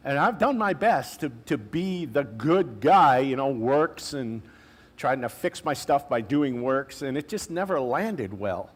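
A male pastor preaching a sermon in a conversational way, with casual asides and slang, slowing down to stress key phrases. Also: medium pitch, animated.

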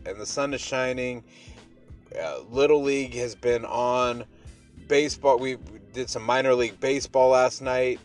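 A man hosting his morning podcast, talking casually in an upbeat, rambling, motivational way over faint music. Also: mid-range voice. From Pacific Northwest. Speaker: podcast host.

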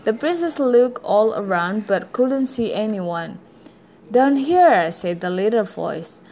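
Woman reading a children's tale aloud, slow and halting, often stopping to fix her words. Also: medium pitch, expressive, mellow. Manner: halting, with frequent self-corrections. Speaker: storyteller.

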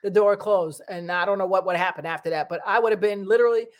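A middle-aged woman, talking straight to her viewers in a rambling, chatty monologue and slipping into animated voices when she quotes people. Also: mid-range voice, fast. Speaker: vlogger.

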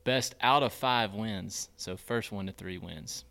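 A man hosting a podcast quiz game, upbeat and quick to laugh. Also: fairly low pitch, creaky, pushed and bright. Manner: upbeat, laughs often, plays quizmaster. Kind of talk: casual podcast banter.

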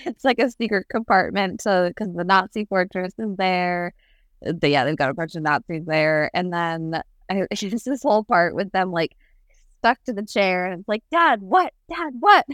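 A woman's voice: fairly low pitch, moderate pace, no room sound, studio quality. A woman co-hosting a podcast, chatting casually about a movie, laughing often and acting out quotes. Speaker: podcast co-host.

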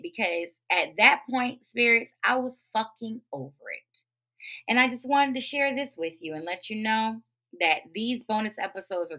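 A woman with speech patterns rants bluntly through a personal story, her voice bright and forceful. She swears freely and swings from low grumbles to loud outbursts. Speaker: podcast host. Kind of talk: unfiltered storytime rant.

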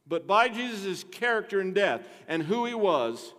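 A middle-aged male pastor preaching a sermon, emphatic, swinging between quiet and loud, questioning the congregation. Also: sits high, very animated, moderate pace, hardly any pauses. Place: church sanctuary. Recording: long reverb of a church hall.

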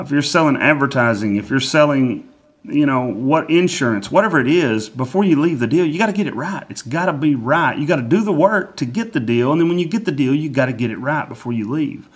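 A man's voice: mid-range voice, expressive, fairly quick, breathy edge. A man giving a casual motivational monologue in a folksy, repetitive way, with many fillers and restarts.

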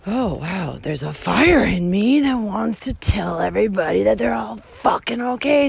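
A woman's voice: on the high side, animated, a little slow, vocal fry, few pauses, breathy edge. A woman vlogging from a hiking trail on her phone, talking heatedly with heavy swearing and frequent laughter. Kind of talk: casual walking vlog. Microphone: handheld phone.

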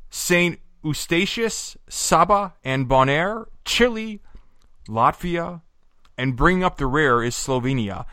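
A man's voice: fairly high pitch, fairly bright tone, no room sound. A man co-hosting a podcast in casual, jokey banter, rattling off lists with playful humor. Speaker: podcast co-host. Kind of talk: casual chat.

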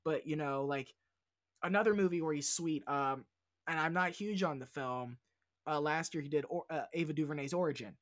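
A man with a somewhat high voice chats as a guest on a film podcast, his sound close and dry with no room around it. He rambles off on tangents, swears freely and gushes with enthusiasm. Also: normal speed, no echo. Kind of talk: casual podcast chat about film.

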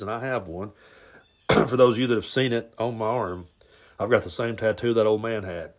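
A man's voice: mid-range voice, brisk. Blunt man rambling through a story. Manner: blunt, rambling, stumbles and repeats words. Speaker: podcast host. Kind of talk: casual storytelling monologue.

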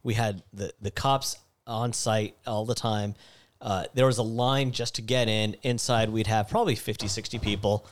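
A young man casually telling a story about his time as a store clerk, animated and laughing, acting out the quotes loudly. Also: on the low side, moderate pace.

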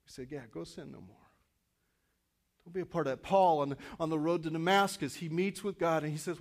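A man in his fifties preaching a sermon in a church, animated, acting out inner voices and swinging from loud to quiet. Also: fairly high pitch, fairly quick, vocal fry. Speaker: pastor.

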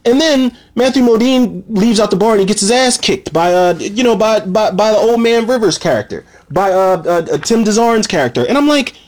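A movie reviewer with a high, expressive voice recaps a horror movie briskly and with hardly any pauses. He's casual and profane, ranting with feeling and addressing his listeners as "people".

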